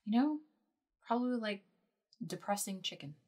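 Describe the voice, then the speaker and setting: A woman's voice: medium pitch, animated, moderate pace, a little mellow. A woman playing a bard in a tabletop game, with wry, joking remarks. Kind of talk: casual tabletop game play.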